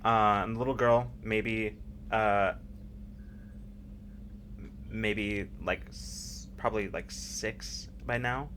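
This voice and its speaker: A man narrating a tabletop game as game master, in a halting, thoughtful way. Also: fairly low pitch, steady tone, noisy background.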